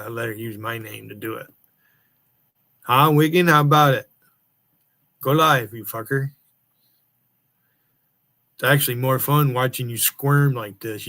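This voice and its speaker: A man's voice: mid-range voice, fairly bright tone. A man ranting angrily on a livestream, taunting and cursing at rival streamers and chatters. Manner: angry, profane, taunting. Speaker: live streamer. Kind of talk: profane livestream rant.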